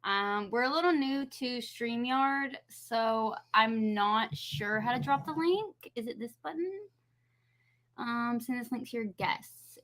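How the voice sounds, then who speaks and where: A woman's voice: on the high side, takes it slowly, a bit bright. A woman acting as chat moderator on a livestream, flustered and talking to herself as she sorts out the settings.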